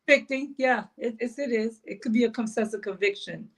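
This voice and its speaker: A woman co-hosting a podcast over a video call, mostly giving soft agreeing replies. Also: fairly high pitch, a little fast. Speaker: podcast co-host. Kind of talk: casual chat.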